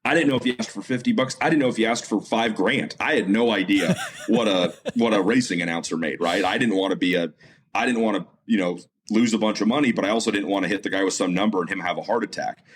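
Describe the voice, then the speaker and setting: A man's voice: fairly low pitch, quick pace, slight background noise. A man guest, a motorsport announcer, telling a story in a casual interview, full of fillers and restarts. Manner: animated storyteller, many fillers and self-repeats.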